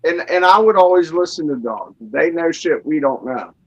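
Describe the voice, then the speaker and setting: Male co-host, relaxed self-deprecating banter, voice a touch high. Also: moderate pace, dull audio. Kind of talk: casual chat.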